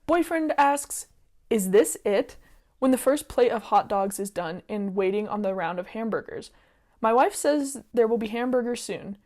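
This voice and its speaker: A woman's voice: on the high side, animated, moderate pace, darkish tone. A young woman casually reading online stories aloud and giving her opinions on them. She talks in a chatty, opinionated way with lots of "like" and "um", and she gets sidetracked easily.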